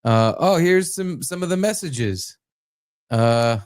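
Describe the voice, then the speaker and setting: A man's voice: on the high side, animated, slow pace, smooth. A man co-hosting a podcast, chatting casually and joking crudely while reading messages aloud in mocking voices. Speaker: podcast co-host.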